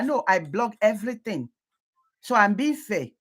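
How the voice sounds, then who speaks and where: Lady blogger on a live, kinda high voice, keeps insisting and repeating herself. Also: lively intonation, quick pace, fairly bright tone. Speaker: blogger hosting a live stream. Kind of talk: heated live-stream discussion.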